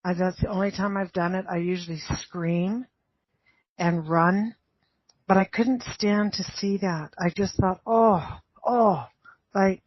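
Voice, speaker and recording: A woman's voice: mid-range voice, steady tone, measured pace, no room sound. Chatty woman with a muffled voice. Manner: chatty storyteller, exclaims often. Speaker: radio show co-host. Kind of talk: casual chat. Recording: muffled dry radio studio sound.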